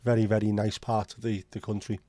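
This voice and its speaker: A man's voice: on the low side, flat delivery, fairly quick, mellow, no room sound. Blunt Scouse man in casual chat. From Liverpool, England. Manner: blunt, sweary banter. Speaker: livestream host. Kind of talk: casual chat reading live comments.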